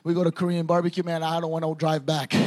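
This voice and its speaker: A young man preaching a sermon, swinging from quiet storytelling to shouted preaching. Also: fairly high pitch, completely flat delivery, fast talker.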